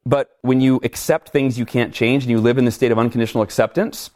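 A middle-aged man talking in an interview, energetic and animated, acting out his own reactions as he tells stories. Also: medium pitch, fast. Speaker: guest speaker. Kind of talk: conversational interview, storytelling.

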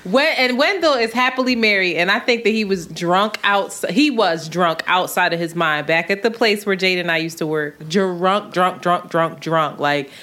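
A woman in casual podcast chat, telling an anecdote in an animated way and laughing through it. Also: fairly low pitch, moderate pace, few pauses. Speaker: podcast guest.

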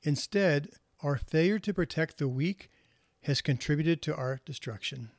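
A man's voice: fairly high pitch, a little slow, no echo. A man voicing a sad old male oak tree in a spoken fable, talking sadly. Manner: speaks sadly.

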